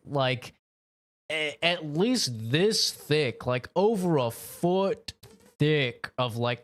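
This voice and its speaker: Brief: young male streamer, laid-back profane gaming chat, drawn-out delivery with a lively, swinging pitch. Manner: laid-back, profane, rambling with frequent "like" and laughs. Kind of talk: casual gaming commentary.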